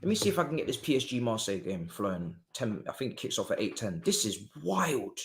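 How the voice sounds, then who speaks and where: A man's voice: fairly low pitch, very animated, fast talker. A young man streaming a live football watchalong, talking in slangy, exclamatory bursts and muttering asides to himself.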